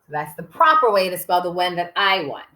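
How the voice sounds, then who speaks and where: With a fairly low voice and a fairly quick pace, a woman leads an early-grade writing lesson. She sounds out words letter by letter in a sing-song manner, breaking into sudden excited calls and dropping to soft near-whispers on the quiet sounds.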